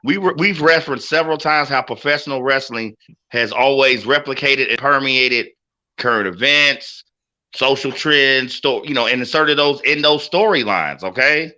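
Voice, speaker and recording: Heard through a muffled recording, a man with a mid-range voice co-hosts a casual wrestling show at a moderate pace. His storytelling is lively and full of swearing.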